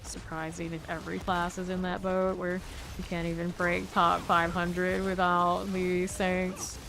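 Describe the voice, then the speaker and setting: A woman's voice: on the low side, monotone, creaky. A woman streaming a game, chatting casually with her chat and muttering item names while she loots. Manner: chatty, reads chat aloud and answers it, with quick asides.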